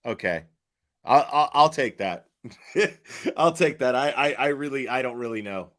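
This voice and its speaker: A man talks his viewers through a clip in casual livestream commentary. He often stammers and repeats words, then questions things aloud and answers his chat. His voice sits at an ordinary middle pitch. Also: animated, a little slow, fairly bright tone. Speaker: online commentator.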